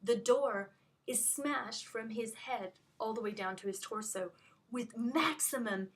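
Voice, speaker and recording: A woman's voice: a little high, measured pace, heavy background noise. A woman on a phone call, telling what happened in an agitated, rambling way full of restarts. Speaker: caller recounting an incident. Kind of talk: emotional phone conversation.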